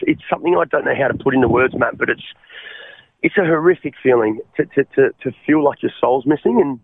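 An Australian man telling his life story as an interview guest, halting and repeating his words, often calling the host mate. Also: medium pitch, creaky, breathy edge. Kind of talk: personal testimony in an interview. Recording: phone-like narrow line.

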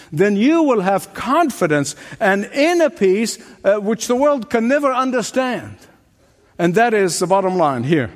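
A man's voice: high voice, very animated, moderate pace. An older man preaching a sermon to a congregation. He is emphatic, repeats key phrases and asks his listeners rhetorical questions. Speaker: pastor. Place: church sanctuary before a congregation. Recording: reverberant church hall recording.

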